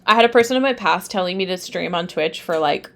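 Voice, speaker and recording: A woman's voice: fairly low pitch, expressive, quick pace, a bit bright, a little hiss or hum. A young woman teaching tarot on a live stream, chatting with viewers, often laughing and getting sidetracked. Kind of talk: casual live-stream lesson.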